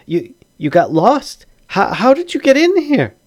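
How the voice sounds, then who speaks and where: A jittery halfling father from a tabletop game, stammering over his polite words, as a man puts him on. His voice is lifted well above a normal speaking pitch and sounds thin and anxious, fussing over his home and his manners. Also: animated, normal speed, close to an everyday voice. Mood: bewildered. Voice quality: stammering, fussy.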